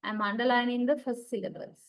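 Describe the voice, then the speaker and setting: This recorded linguistics lecture comes from a woman with a Sri Lankan English accent who keeps asking "okay" and "right" of her students. Her pitch is fairly high and her tone steady, and she speaks a little fast. The recording quality is low.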